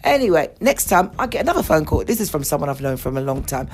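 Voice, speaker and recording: A woman's voice: deep voice, big pitch swings, fast talker, a little hiss or hum. A woman hosting her own podcast, ranting bluntly and indignantly with plenty of swearing. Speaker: podcast host. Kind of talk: ranting monologue.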